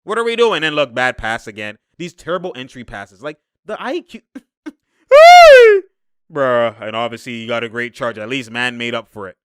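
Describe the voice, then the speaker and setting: Sports commentator, male, bright and clear, excitable and slangy, dry close mic. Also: mid-range voice, brisk, hardly any pauses, no echo. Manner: excitable, laughs often, slangy, shouts at players. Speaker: sports commentator breaking down game film. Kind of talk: casual game breakdown commentary.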